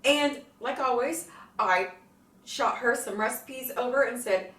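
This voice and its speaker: A woman hosting her cooking channel in a casual, bubbly vlog, excitable and swearing freely. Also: a little high, unhurried. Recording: echoey room, mic at a distance.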